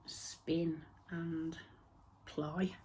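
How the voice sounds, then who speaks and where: A woman hosting a crafting podcast, chatting casually and rambling, with soft whispered asides. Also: deep voice, level tone, extremely slow, slight background noise. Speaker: host of a knitting and spinning podcast. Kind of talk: casual chat.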